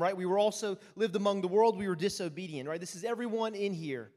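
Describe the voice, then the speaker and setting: Man, pastor, high voice, self-mocking storyteller, sermon, long church reverb. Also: a little fast, hardly any pauses, a little mellow. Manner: self-mocking storyteller, asks "right?" often. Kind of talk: sermon with humorous stories.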